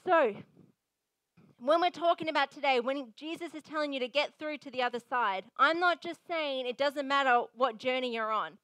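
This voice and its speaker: A woman's voice: high-pitched, normal speed, sharp tone, no room sound, low-quality recording. A young woman pastor giving a sermon in an earnest, conversational way, repeating herself for emphasis.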